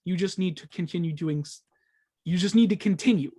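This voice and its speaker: A man's voice: high-pitched, fairly quick, mellow. A man co-hosting a gaming podcast in casual chat, joking around and laughing often. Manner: jokey, laughs often, slips into silly voices. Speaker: podcast co-host.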